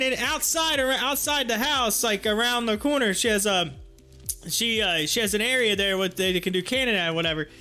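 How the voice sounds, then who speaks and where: A livestream host tells a rambling, laugh-filled story in a high, bright voice. He grows animated at the funny parts, with faint music under him. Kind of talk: casual storytelling.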